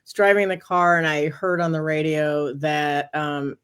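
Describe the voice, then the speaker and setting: A woman, a guest on an interview show, telling a personal story in a casual, animated way, often quoting what she said to herself. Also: deep voice, a little slow, smooth. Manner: animated, talks through quoted inner dialogue.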